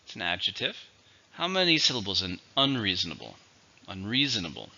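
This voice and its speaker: A man teaching an English vocabulary lesson, pronouncing words slowly and carefully for learners. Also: on the low side, sing-song, vocal fry, pushed and bright. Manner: slow, careful pronunciation drills. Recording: dull lo-fi recording.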